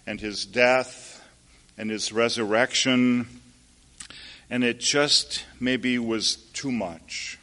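Male preacher, measured sermon storytelling, slow delivery, asides to the congregation. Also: medium pitch, sharp tone. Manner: unhurried storytelling with asides to listeners.

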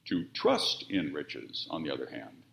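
A man preaching a sermon, by turns emphatic and quiet. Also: measured pace, creaky. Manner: expressive, with wide swings of pitch and volume. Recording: roomy, dull-sounding church audio.

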